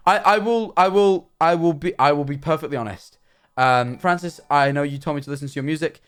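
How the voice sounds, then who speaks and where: A man's voice: on the high side, fairly quick, fairly bright tone, clean tone, faint music behind. A man, chatting casually on a livestream and telling rambling, jokey stories. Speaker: streamer.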